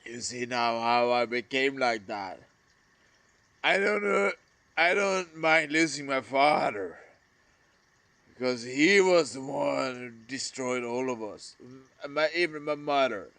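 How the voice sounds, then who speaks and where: Slow, gravelly man speaking haltingly. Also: medium pitch, animated, fairly bright tone, no room sound. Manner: halting, trailing off, addressing a lost brother. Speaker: vlogger. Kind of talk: emotional monologue to camera.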